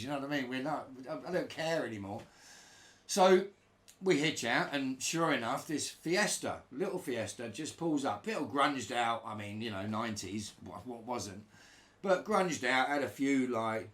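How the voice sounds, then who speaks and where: A middle-aged man casually telling a road-trip anecdote, acting out other people's voices. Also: medium pitch. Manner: animated, acts out broken-English voices of others. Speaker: storyteller recalling touring life.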